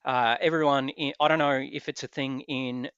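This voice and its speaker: A man's voice: mid-range voice, moderate pace, clean tone, no room sound, highs cut off. A man with an Australian accent hosting a casual chat, telling stories with hesitant restarts. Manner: animated storyteller with hesitant restarts. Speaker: podcast host.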